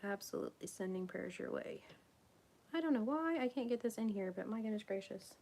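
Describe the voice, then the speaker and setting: A woman chats on a live crafting stream, rambling from one thought to the next. Her voice has a gravelly fry, sits at an average pitch for a woman, and often drops into a whisper. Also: expressive, brisk, a little mellow. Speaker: crafting vlogger. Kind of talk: casual live-stream chat while crafting.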